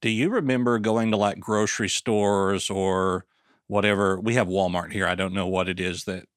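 A man's voice: low-pitched, fairly even intonation, moderate pace, smooth, dry recording, studio quality. A man in his thirties with a Southern US accent, hosting a casual interview and telling easygoing stories with acted-out dialogue. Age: 30s. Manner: easygoing storyteller who acts out quoted dialogue. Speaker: podcast host.

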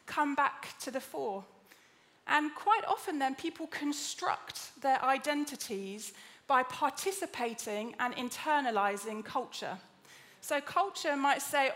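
A woman preaching a lively, chatty sermon in a church, joking with the congregation. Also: high voice, measured pace. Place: church auditorium.

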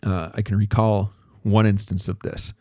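Male podcast host, thirties, mellow dark tone, dry close mic, easygoing storyteller. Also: fairly low pitch, little pitch movement, moderate pace, dry recording. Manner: conversational, self-deprecating, storytelling with asides. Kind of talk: solo podcast monologue.

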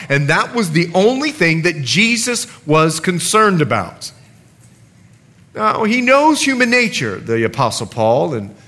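A man's voice: sits high, sharp tone. A middle-aged man preaching a sermon as pastor, reading scripture aloud with emphasis.

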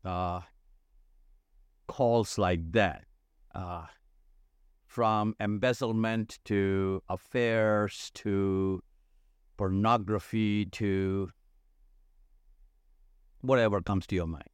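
A man's voice: fairly low pitch, fairly even intonation, extremely slow, long pauses, clear, resonant tone, no room sound, clean studio sound. A middle-aged man, a church leadership consultant, talking earnestly in a podcast interview and repeating phrases for emphasis.

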